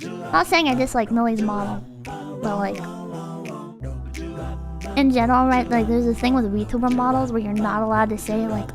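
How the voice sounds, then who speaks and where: A woman's voice: a little high, normal speed, long pauses, over music. A young woman streamer chatting casually and ranting, swearing and mock-quoting people. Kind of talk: casual livestream chat.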